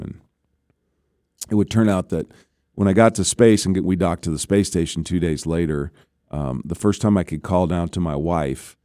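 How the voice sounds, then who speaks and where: Low, gravelly and dark in tone, this former astronaut's voice carries his interview stories, told conversationally with repeated check-ins of "right?". The clean studio sound has no echo.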